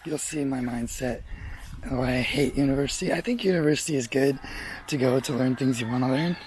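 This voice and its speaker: A man's voice: medium pitch, brisk, a little mellow, a little hiss or hum, low-quality recording. A young man telling his life story in a casual vlog, rambling, frank and swearing freely. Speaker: vlogger.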